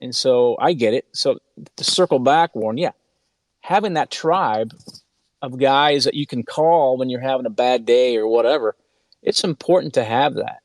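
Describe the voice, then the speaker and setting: A man's voice: medium pitch, normal speed, no echo. A man speaking as an author and interview guest, telling stories earnestly with frequent restarts and repeated words. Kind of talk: conversational interview storytelling.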